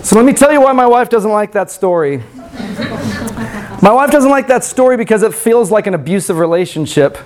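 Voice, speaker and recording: A man's voice: sits high, expressive, a little fast. A man reading a storybook aloud, then reflecting on it in a sermon in a conversational way, with many fillers.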